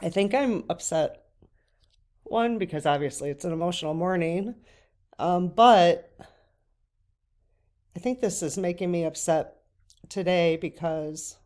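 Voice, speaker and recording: Middle-aged woman, low voice, casual tearful vlog chat. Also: unhurried, pauses often, a little mellow. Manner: tearful, breaks off to cry. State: crying at times. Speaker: channel host.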